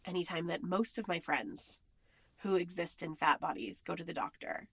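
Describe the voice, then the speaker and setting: A woman's voice: on the low side, lively intonation, moderate pace, creaky, fairly bright tone, breathy edge, no echo. A woman talking candidly and with frustration in a casual monologue, emphatic and blunt.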